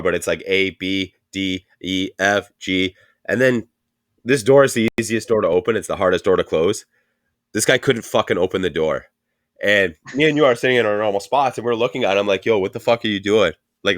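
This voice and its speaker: Guy with a real low voice, swearing his way through a long rambling story on a podcast, dry close sound. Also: a little fast, fairly bright tone, no room sound. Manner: rambling profane storytelling, laughing often. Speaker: podcast co-host. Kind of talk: casual podcast chat.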